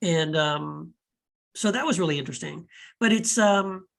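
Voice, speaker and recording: A man's voice: fairly high pitch, normal speed, creaky, a bit bright. An enthusiastic man hosting a casual podcast chat about films. He rambles, restarts his sentences and voices puzzled rhetorical questions with plenty of animation. His talk is loose and unscripted. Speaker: podcast host and author.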